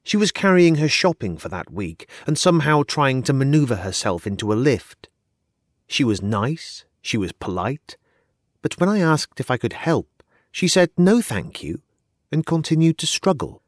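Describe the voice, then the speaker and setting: Calm, unsettling male storyteller. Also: medium pitch, normal speed, no room sound, studio quality. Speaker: narrator. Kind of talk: first-person dramatic storytelling.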